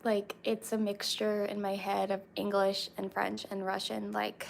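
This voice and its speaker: A young woman chatting casually with viewers, rambling with lots of fillers and pauses. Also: medium pitch, monotone, creaky. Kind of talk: casual chat.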